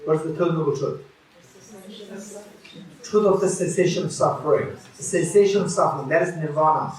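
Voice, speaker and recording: A man's voice: a little high, fairly quick, heavy reverb, far from the mic, low-quality recording. A man giving a Buddhist teaching at a retreat, repeating key phrases and restarting often.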